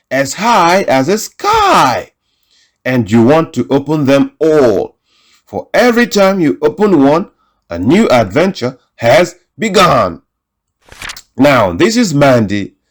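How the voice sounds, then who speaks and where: Male storybook reader, playful sing-song delivery, slightly high and very animated. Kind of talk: children's story read-aloud.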